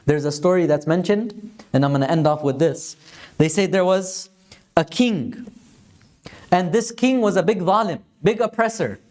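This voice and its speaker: A man's voice: sits high, normal speed, a little mellow. A man teaching a mosque lesson in earnest storytelling style, dropping in Arabic phrases. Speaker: religious teacher.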